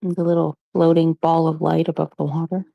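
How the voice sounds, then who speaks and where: A woman's voice: sits low, level tone, a little fast, creaky, dull audio. A woman playing a game with friends, reacting playfully in casual chat. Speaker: co-player.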